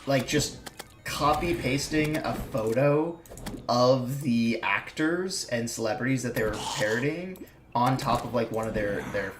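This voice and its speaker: A man's voice: medium pitch, expressive, unhurried. A man with a slight Minnesota accent chatting casually while gaming, rambling with lots of fillers and restarts. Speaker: streamer and video maker. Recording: echoey room with clear background noise.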